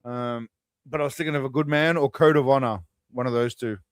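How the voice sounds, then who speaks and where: A man's voice: mid-range voice, fairly even intonation, brisk, smooth, dry recording. Casual male streamer, talks loosely to chat, dry close mic. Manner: rambling, chatty, speaks to viewers. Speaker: streamer host.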